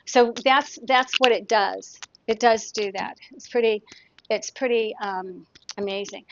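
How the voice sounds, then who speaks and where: A woman's voice: fairly high pitch, dry recording. A woman therapist talking in a chatty, casual teaching way, demonstrating exercises and telling anecdotes. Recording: dull, dry lo-fi sound.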